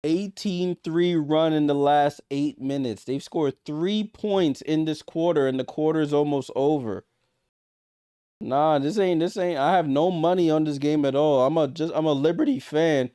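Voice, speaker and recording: Hosting a livestream watchalong, a man calls a basketball game with exasperated disbelief, swinging from loud outbursts to muttered asides. His voice is fairly high and clear with a resonant tone, at a normal speed. The recording is dry and studio quality.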